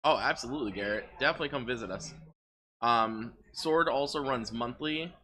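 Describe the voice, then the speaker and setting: A man doing relaxed live commentary on a card game tournament, chatty and low on energy. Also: a little fast. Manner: relaxed, chatty, lots of filler words.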